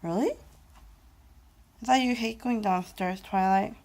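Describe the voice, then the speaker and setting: A young woman vlogging at home on a handheld phone, chatting to her baby in a playful voice that jumps to high squeals, sounding dizzy and unwell. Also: measured pace, a little mellow. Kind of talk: casual home vlog talking to her baby. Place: home room indoors. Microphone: handheld phone camera.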